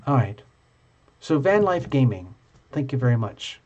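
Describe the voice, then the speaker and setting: A man hosting a live tarot stream, chatting with viewers in an excitable, gushing and playful way. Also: medium pitch, measured pace, a little hiss or hum. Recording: dull lo-fi stream audio.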